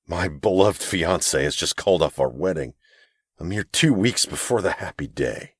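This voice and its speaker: A man's voice: low-pitched, animated, moderate pace, slightly rough, dry recording, studio quality. A male narrator voicing a young wealthy businessman, heartbroken and bitter, speaking strained and clipped.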